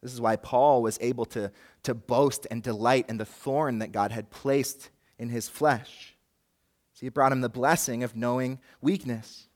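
A man's voice: mid-range voice, steady tone, measured pace. A man preaching a sermon as pastor, earnest and rising and falling in force, with a light joke now and then. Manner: jokes lightly with the congregation.

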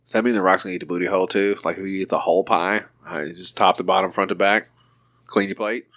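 A man co-hosting a podcast, joking crudely, swearing often and breaking into laughter. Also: quick pace. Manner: laughs often, swears, lively swings in pitch. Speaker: podcast co-host. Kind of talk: crude comedic banter.

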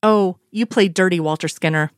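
A woman's voice: lowish voice, moderate pace, no room sound, studio quality, lightly acted. A woman reading as a playful female agent.

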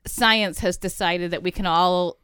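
A woman's voice: on the low side, steady tone, unhurried, fairly bright tone, clear, resonant tone, dry recording, clean studio sound. A woman co-hosting a podcast, chatting frankly about commercials and often correcting herself mid-sentence. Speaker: podcast co-host. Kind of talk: casual chat reviewing ads.

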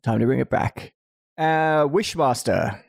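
A laid-back man chatting about films, jokey and easygoing. His middle-pitched voice has a gravelly edge. The sound is dry and close. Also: unhurried, no echo. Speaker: podcast co-host. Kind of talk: casual film chat.

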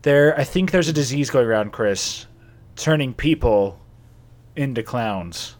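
A man's voice: mid-range voice, expressive, a little slow. A man co-hosting a comedy podcast, rambling through mock-serious warnings with laughs and fillers. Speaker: podcast co-host.

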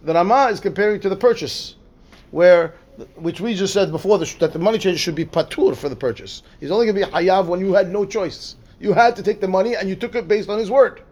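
Rabbi guy teaching talmud, high voice, reads hebrew then explains, lots of "right?". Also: quick pace, darkish tone. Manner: repeats words and restarts, asks "right?" often. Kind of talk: lively Torah class, reading Hebrew text and explaining.

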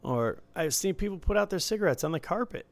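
A man's voice: sits high, animated, fast, dry recording. A man co-hosting a casual chat, who answers in an easygoing, agreeable way. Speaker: podcast co-host.

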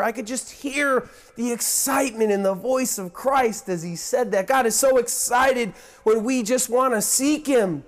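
A man. He is earnest and swings between hushed, confiding asides and rising, excited emphasis. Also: very high-pitched, a little slow, hardly any pauses. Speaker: preacher. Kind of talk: sermon.

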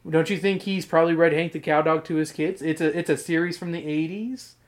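A man's voice: a little high, steady tone, brisk. Guy rambling on a podcast, swears constantly, laughs a lot. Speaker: podcast host. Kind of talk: casual chat.

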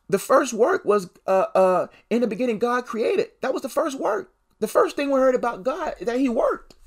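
A young adult man hosting a solo devotional podcast, preaching with repeated phrases and strong emphasis. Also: high voice.

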